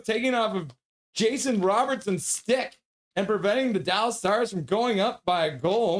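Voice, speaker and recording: Speaking at normal speed in a high voice, a man hosts a fan livestream from home and calls the game play by play. He yells out excitedly at big plays and coos to his dog in baby talk in between.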